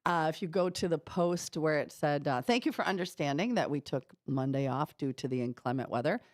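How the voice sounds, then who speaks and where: A Midwestern woman co-hosting morning radio in a studio, talking in a lowish voice that sits close and dry on the mic. She chats and tells everyday stories with animated, laughing energy. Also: brisk, dry recording. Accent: Midwestern American. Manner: chatty, animated storytelling with laughs. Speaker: radio morning show co-host. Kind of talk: casual morning radio chat.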